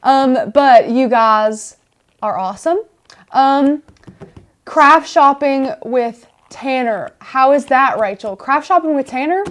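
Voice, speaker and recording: A woman chats her way through a live craft tutorial. Her voice sits a little high, and she rambles happily from one thing to the next while she works. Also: slow pace. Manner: chatty, bubbly, rambling. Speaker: host of a craft live stream.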